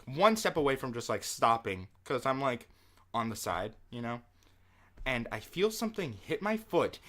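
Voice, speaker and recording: A young man co-hosting a casual podcast, telling stories in an animated way, swearing and laughing often. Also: mid-range voice. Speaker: podcast co-host.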